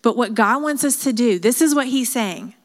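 A woman's voice: fairly high pitch, lively intonation, normal speed. A woman leading a women's Bible study, teaching in an earnest, chatty way with frequent asides and fillers. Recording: hall reverb.

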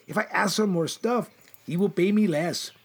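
A man's voice: high-pitched, normal speed, slightly rough. A man performing a comedic gardener, who mutters to himself anxiously and talks fondly to his plants. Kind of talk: comedy sketch monologue.

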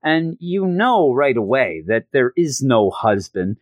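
A man's voice: medium pitch, slow pace, no room sound. Dry-sounding man recapping a comic. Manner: animated retelling, acts out quotes. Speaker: comic book reviewer. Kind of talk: casual review chat.

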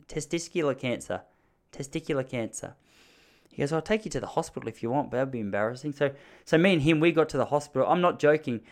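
A man telling an embarrassing story from his youth in an animated, self-mocking way. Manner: animated, self-mocking, jumps into high panicky voices for his younger self. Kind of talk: comic storytelling.

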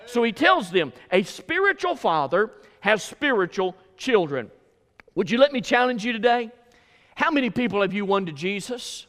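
A man preaching a sermon, swinging from loud rhythmic calls to quiet storytelling. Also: sits high, animated, moderate pace. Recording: hall reverb.

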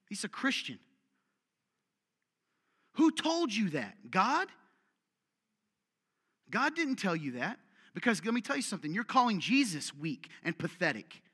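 A man delivers a lively sermon, energetic and direct, mixing pointed rhetorical questions with self-deprecating jokes. His voice sits a bit high and rings bright and forceful. The sound carries a long hall reverb, as in a large church. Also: normal speed, pauses often, breathy edge. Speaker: pastor.

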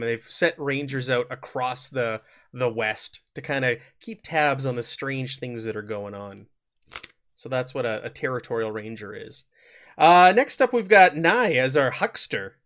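A man's voice: mid-range voice, expressive, fairly bright tone. A man hosting a tabletop role-playing session as game master, upbeat and explaining the setting and rules as he goes. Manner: upbeat, quick to laugh, explains rules on the fly.

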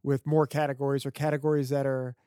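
A man co-hosting a movie podcast, chatting casually about films with relaxed, filler-heavy talk. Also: mid-range voice, fast, clear, resonant tone, no echo, clean studio sound. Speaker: podcast co-host. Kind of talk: casual film discussion.

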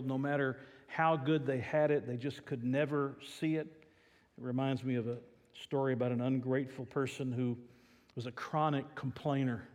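Male pastor, mid-pitch, earnest storytelling sermon, long hall reverb. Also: a little mellow.

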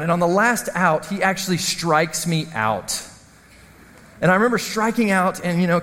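A man preaching a sermon as the pastor, telling stories in an animated, self-mocking way. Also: high voice, in a large hall. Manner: storytelling, animated, self-deprecating.

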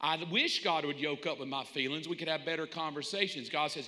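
Bright-voiced emphatic preacher in a hall. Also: male voice, on the high side, brisk, hardly any pauses. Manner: emphatic, swings between shouting and hushed asides. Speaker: pastor. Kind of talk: sermon. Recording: long hall reverb.

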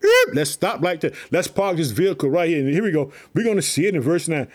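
A man preaching an excited devotional message, calling listeners family and repeating catchphrases as he reads scripture. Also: on the high side, quick pace. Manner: hyped, repeats "let me tell you something" and "guess what", calls listeners family.

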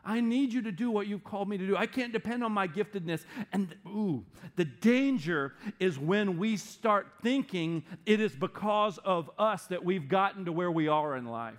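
A middle-aged man delivers a sermon with lively, animated energy. His voice sits fairly high for a man. He drops into playful quoted voices now and then. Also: moderate pace, few pauses. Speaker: pastor.

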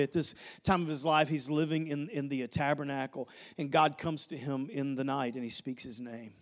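High-voiced male pastor preaching. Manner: conversational storytelling with humor and repeated phrases. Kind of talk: sermon. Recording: long reverb of a large hall.

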